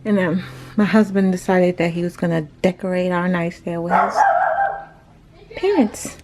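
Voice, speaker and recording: A woman's voice: fairly low pitch, moderate pace, heavy background noise. A young woman, a mother vlogging casually to camera in a chatty, scattered way and laughing often. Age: young adult. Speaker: vlogger, mom of five.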